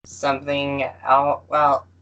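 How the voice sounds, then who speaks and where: A man's voice: medium pitch, completely flat delivery, fairly bright tone, dull audio. A man co-hosting a podcast in casual chat, hesitant and full of fillers. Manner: slow and hesitant, with many fillers. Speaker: podcast co-host. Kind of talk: casual chat about games.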